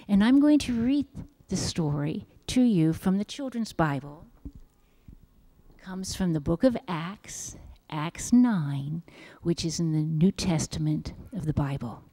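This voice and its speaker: A woman giving a children's sermon in church, reading a Bible story in a gentle, expressive storytelling manner. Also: lowish voice, measured pace. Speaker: children's message leader at church. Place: church sanctuary.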